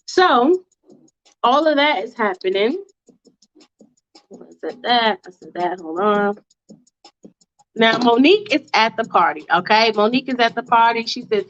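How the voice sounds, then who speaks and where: A woman's voice: a little high, lively intonation, measured pace, dull audio. A woman casually narrating her fan-fiction story, recapping scenes and voicing every character.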